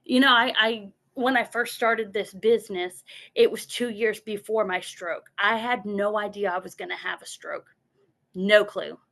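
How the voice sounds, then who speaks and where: A woman's voice: mid-range voice, steady tone, measured pace, vocal fry, a bit bright. A woman giving a motivational talk from her notes, earnest, repeating words as she goes and acting out her own inner voice.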